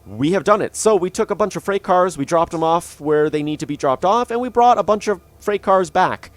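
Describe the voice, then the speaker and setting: A man's voice: sits high, lively intonation, brisk, no echo. Rambling young man narrating gameplay. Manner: rambling, many fillers and restarts. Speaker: gaming channel host. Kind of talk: casual game commentary. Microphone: dynamic studio mic.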